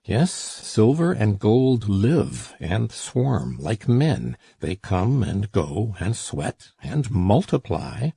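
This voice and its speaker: A man reading the part of a domineering, miserly old father who coaxes his daughter and flares into rage, in a gravelly, husky voice. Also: on the low side, very animated, slow, few pauses, warm tone, no echo, studio quality, full character voice. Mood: coaxing. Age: older. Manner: wheedling then furious. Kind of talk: audiobook character reading.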